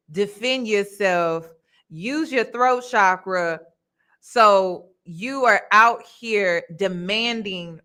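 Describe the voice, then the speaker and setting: A woman hosting a commentary channel, reacting casually with emphatic, drawn-out phrases. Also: medium pitch, bright, forceful tone.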